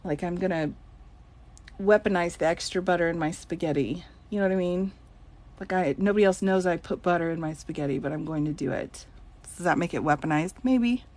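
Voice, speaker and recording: A woman's voice: lowish voice, fairly quick, darkish tone. Giggly woman lawyer live-streaming Q&A. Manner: giggly, reads out chat questions and answers them. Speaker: attorney answering viewer questions.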